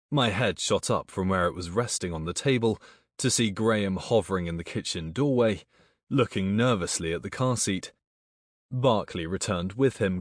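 A man's voice: deep voice, no echo, studio quality. A man narrating a first-person audiobook, with a tense inner monologue full of swearing.

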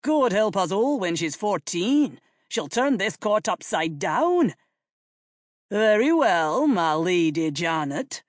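A woman's voice: medium pitch, sing-song, slow, dry recording, studio quality, voice pushed up. A woman doing a blustering young king. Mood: imperious. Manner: blustering, imperious. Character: King James, commanding young royal man.

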